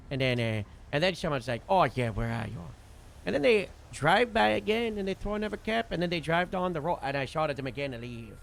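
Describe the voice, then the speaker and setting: A man casually recounting a role-play shift as a streamer, rambling with lots of fillers and animated bursts. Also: fairly high pitch, fairly quick, gravelly, a little hiss or hum. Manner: rambling, full of "you know" and "like" fillers; animated retelling with sudden loud bursts. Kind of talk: casual storytelling recap.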